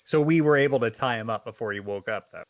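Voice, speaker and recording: A man playing a tabletop game asks questions and makes dry remarks. Clear background noise sits under his voice. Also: mid-range voice, fast talker. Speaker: player. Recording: noisy background.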